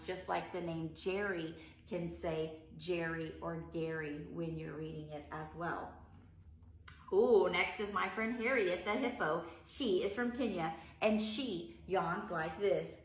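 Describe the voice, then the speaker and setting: A woman's voice: mid-range voice, fairly bright tone. Woman, preschool teacher, sing-song read-aloud with exaggerated yawns, echoey room. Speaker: early childhood teacher.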